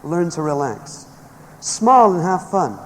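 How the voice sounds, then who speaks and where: At a measured pace and in a slightly high, sing-song voice, a man motivates a live audience with stories during an emphatic seminar speech. He speaks in a large hall whose recording is echoey, with faint background noise.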